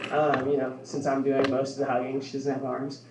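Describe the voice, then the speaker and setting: A young man doing a stand-up set in a deadpan way, laughing at his own jokes. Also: mid-range voice, brisk, background noise. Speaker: stand-up comedian. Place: bar social club stage, heard from afar. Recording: echoey club from far off.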